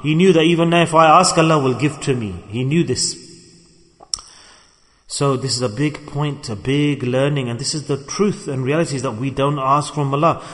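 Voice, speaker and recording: A man giving a sermon, telling a story in a conversational, animated way. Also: medium pitch, moderate pace. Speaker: preacher. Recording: long hall reverb.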